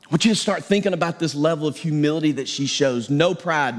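A man's voice: fairly high pitch, fast. A middle-aged male pastor preaching a sermon in a conversational, self-deprecating way.

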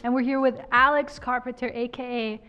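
A woman's voice: high voice, level tone, brisk, faint music behind. An American woman hosting a casual esports podcast, chatty and full of "like". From United States. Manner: chatty, filler-heavy with frequent "like". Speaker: podcast host. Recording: dull lo-fi sound.

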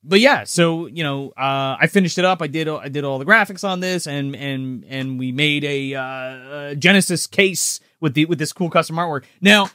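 A man rambles through a live podcast chat, swearing freely and circling back on his own sentences. His voice sits a little high for a man. The sound is close and dry, with no room around it. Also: normal speed, few pauses, bright, forceful tone, no echo. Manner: loose, profane, rambling with restarts. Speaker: podcast co-host. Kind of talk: casual live-stream chat.

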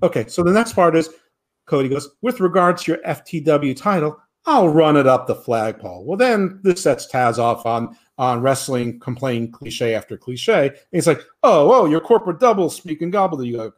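Fairly high-pitched and speaking at a normal speed, a male podcast co-host chats casually about wrestling. He rambles, leans sarcastic, and livens up whenever he imitates someone he's quoting.

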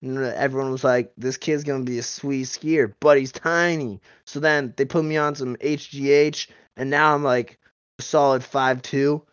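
A man playing a cocky bro skier, smooth-voiced. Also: mid-range voice, steady tone, normal speed, no echo, dull audio, natural voice. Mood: boastful. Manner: slangy surfer-bro drawl, boastful. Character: dim-witted cocky young male bro skier. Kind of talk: improv comedy character.

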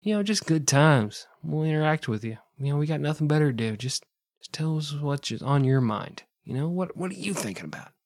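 A man's voice: fairly high pitch, big pitch swings, brisk, a little mellow. An American man co-hosting a podcast, joking crudely and playfully as he wraps up the episode. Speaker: podcast co-host. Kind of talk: casual podcast outro banter.

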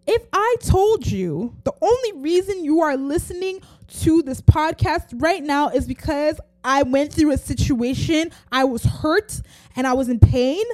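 A woman's voice: sits high, a little mellow, no room sound. A woman hosting a podcast, giving an earnest, preachy motivational faith talk and acting out quoted voices. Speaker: podcast host.

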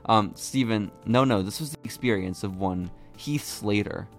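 A man's voice: on the low side, normal speed, faint music behind. A man co-hosting a podcast, spinning long build-up stories in loose, profane banter. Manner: storytelling build-ups, swears freely. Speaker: podcast co-host.

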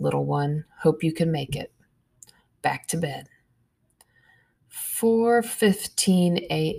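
A woman narrating a first-person story in a hushed, measured way, with soft whispered asides. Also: deep voice, vocal fry.

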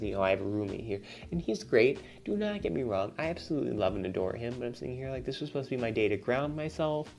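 A young man, a college student, venting in a rambling, casual monologue, swearing often and getting louder as he gets worked up. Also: medium pitch, sing-song, fast talker, creaky, few pauses. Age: young adult. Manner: rambling, swears a lot, voice climbs when riled up.

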